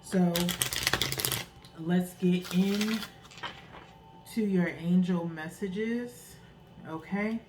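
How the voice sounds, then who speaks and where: Extremely slow and full of long pauses, this lowish-voiced woman gives an earnest, casual tarot reading against a noisy background. She encourages her listeners, tags phrases with a questioning "okay?", and rambles loosely with restarts.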